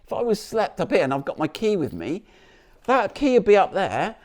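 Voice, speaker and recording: A man's voice: high voice, very animated, moderate pace, darkish tone. A man presenting a car vlog outdoors beside the vehicle, chatty and jokey, rambling with restarts as he demonstrates.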